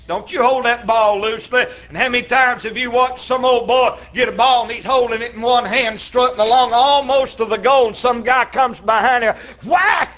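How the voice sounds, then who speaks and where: A man preaching a sermon in a folksy way, acting out little dialogues and sometimes breaking into shouts. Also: very high-pitched. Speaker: traveling preacher. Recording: slightly dull lo-fi church recording.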